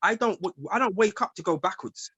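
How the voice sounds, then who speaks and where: A man argues emphatically, his speech full of street slang. His voice sits a little high and is recorded close and dry, with no room sound. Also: expressive, fairly quick, pushed and bright, husky, no echo. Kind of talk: casual group chat.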